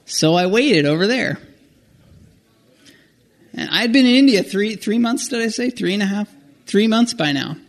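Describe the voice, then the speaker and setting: High-voiced man telling a rambling story. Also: normal speed, long pauses. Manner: rambling, self-correcting, animated. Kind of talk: personal travel story.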